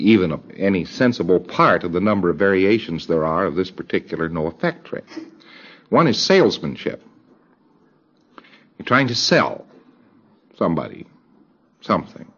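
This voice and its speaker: A man giving a recorded lecture in a deliberate way, acting out bits of dialogue in quoted voices. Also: lowish voice. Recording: dull lo-fi old tape.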